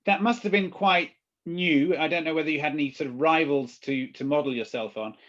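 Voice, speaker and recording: A British man interviewing a guest, asking long, halting questions full of ums and restarts. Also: on the high side, a bit bright. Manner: hesitant questions with many ums. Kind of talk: conversational interview. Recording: dull lo-fi audio.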